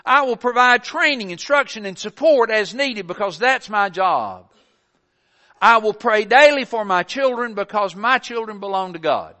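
An older man preaching an earnest sermon, building to forceful emphasis on his points. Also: sits high, animated, normal speed.

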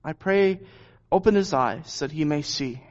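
A man reading the calm, reassuring and prayerful words of a prophet. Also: on the high side, unhurried, close to an everyday voice. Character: male old prophet, calm and assured. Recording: dull lo-fi recording.

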